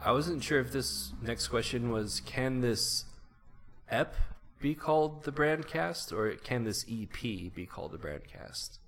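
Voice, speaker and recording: A man's voice: mid-range voice, expressive, unhurried, fairly bright tone, slight background noise. A man hosting a casual interview, reading audience questions aloud in a wry, teasing way. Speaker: host.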